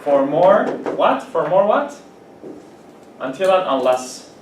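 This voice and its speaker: A man's voice: high-pitched, very animated, a little hiss or hum. Man teaching in an echoey classroom. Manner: patient, drills example sentences, stresses words slowly. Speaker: English teacher. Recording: echoey classroom from a distant mic.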